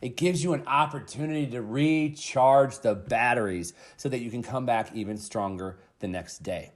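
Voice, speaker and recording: A man's voice: medium pitch, normal speed. A man in his thirties hosting a motivational podcast, telling a story emphatically with casual fillers and the odd swear word. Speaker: podcast host.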